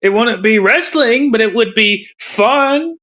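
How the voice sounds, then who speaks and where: A man's voice: very high voice, animated, takes it slowly, bright, forceful tone. A man ranting casually, crude and rambling, with frequent laughter. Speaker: commentator. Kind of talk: casual rant.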